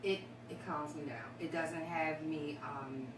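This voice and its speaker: Woman guest, low voice, heartfelt and rambling; roomy, distant, noisy recording. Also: steady tone, measured pace. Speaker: guest sharing her story. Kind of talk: candid talk show conversation. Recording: echoey room, distant mic, noisy.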